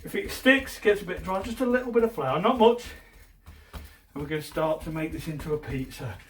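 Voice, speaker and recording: A man's voice: on the high side, expressive, brisk, a bit bright. Chatty man teaching home cooking. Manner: chatty, jokey, step-by-step instructions. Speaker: home cook presenter. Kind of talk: casual cooking demonstration. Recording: distant mic with faint background noise.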